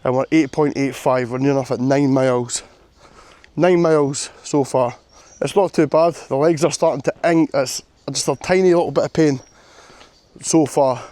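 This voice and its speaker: On a coastal path outdoors, a man vlogs to camera during a long walk, sore and worn out, chatty, mocking himself and swearing freely. His mid-range voice is warm, fairly even in intonation and at normal speed, with no echo.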